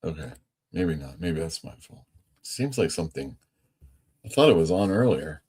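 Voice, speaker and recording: A comic shop owner hosting a casual livestream, rambling through anecdotes with many fillers. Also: male voice, deep voice, sing-song, normal speed, a little mellow, slightly rough. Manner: rambling, lots of fillers, laughs easily.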